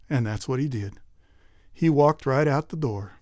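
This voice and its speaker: A man telling a folk tale in a folksy, animated way. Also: medium pitch, a little slow, no echo, clean studio sound. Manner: folksy, animated, lively voices. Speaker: storyteller.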